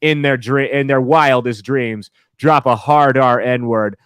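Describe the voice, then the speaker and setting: A man co-hosting a casual podcast, telling animated, profane stories full of restarts. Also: mid-range voice, measured pace, smooth, no room sound, studio quality. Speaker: podcast co-host.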